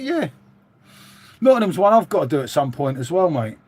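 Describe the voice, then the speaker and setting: Brief: matey man, middle-aged, a bit higher voice, rambling live-stream chat. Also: big pitch swings, normal speed, darkish tone. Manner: chatty, rambling, matey, reading out viewer comments. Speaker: livestream host.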